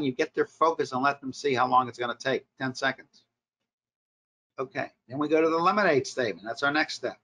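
A man leads a sales workshop, his voice bright and forward. He teaches in short, punchy directives and answers his own rhetorical questions, keeping an instructive classroom tone. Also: medium pitch, fairly quick. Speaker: marketing professor leading a workshop. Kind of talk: recorded workshop lecture.

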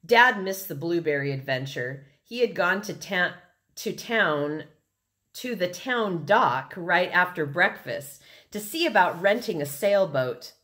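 A woman reading a children's novel aloud, expressive and unhurried. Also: on the low side. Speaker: reader.

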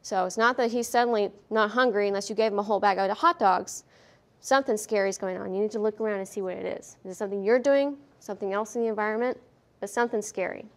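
A woman giving a veterinary behavior lecture at a conference, lively and questioning the audience, acting out what the dogs feel. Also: medium pitch, quick pace. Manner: lively, asks the audience questions, acts out dogs' thoughts. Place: conference hall.

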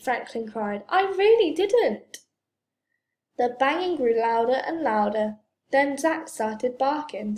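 A woman reading a children's storybook aloud in a gentle, expressive way. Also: fairly high pitch. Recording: roomy echo.

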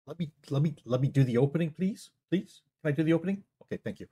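A man hosting a comedy show, stammering and exasperated as he argues with a silent sidekick, now and then bursting into yelling. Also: on the high side, expressive, fast, slightly rough. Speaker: show host. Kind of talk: comic monologue arguing with a silent sidekick.

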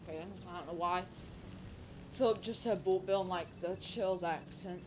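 A woman hosting a gaming channel, chatting casually through a speedrun race with lots of "like" and sudden excited outbursts. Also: on the low side, normal speed. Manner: rambling, filler-heavy, excitable outbursts. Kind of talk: casual gameplay commentary. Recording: game music playing loudly behind. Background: game music.

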